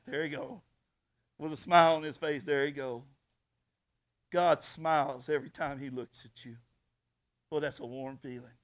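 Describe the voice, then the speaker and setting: A man preaching a sermon as pastor in a church, emphatic, swinging from soft talk to shouting. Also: mid-range voice, creaky.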